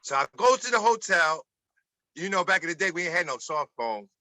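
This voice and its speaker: High, sharp-voiced Baltimore man. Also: a little fast, no echo, low-quality recording. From Baltimore, USA. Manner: animated, repeats words, acts out quoted voices. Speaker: guest, former college basketball player. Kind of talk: casual storytelling.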